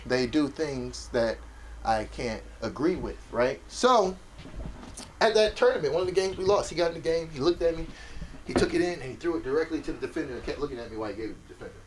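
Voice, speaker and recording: A man doing open mic stand-up, telling a profane story and shouting when he acts out angry parents. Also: on the high side, expressive, fast talker. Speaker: stand-up comic. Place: comedy club stage. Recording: noisy club crowd. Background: audience reactions.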